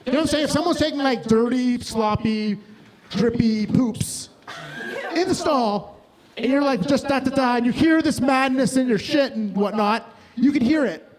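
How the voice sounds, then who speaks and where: A man from Hamilton, Ontario, performing live stand-up comedy in a rambling, profane, excitable way. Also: extremely high pitch, normal speed, poor audio. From Hamilton, Ontario, Canada. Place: small bar stage with live audience. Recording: live bar set with crowd noise.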